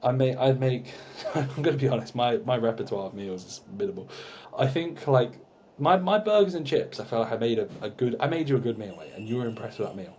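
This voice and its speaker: A young man, co-hosting a podcast in casual, animated chat with some swearing. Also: medium pitch, fairly quick, slight background noise. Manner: chatty, swearing, animated storytelling. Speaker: podcast co-host.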